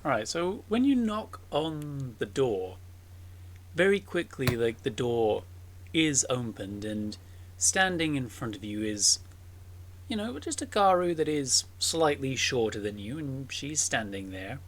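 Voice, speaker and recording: Gm narrating a tabletop game, lots of uh and like, pitch all over the place. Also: very animated. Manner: halting, many fillers. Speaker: game master.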